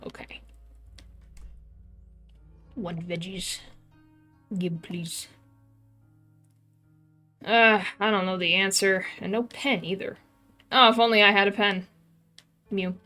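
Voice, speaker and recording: A woman's voice: mid-range voice, fairly even intonation, moderate pace, bright, forceful tone, soft background music. A woman streaming a game, chatting casually and playfully reading the characters' lines aloud in light voices.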